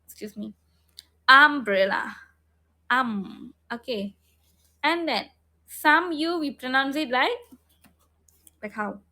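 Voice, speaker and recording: Slow, bright-voiced phonics teacher woman. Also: high-pitched, lively intonation. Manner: slow, repeats sounds and prompts students. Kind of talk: online phonics lesson. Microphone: online class, video call.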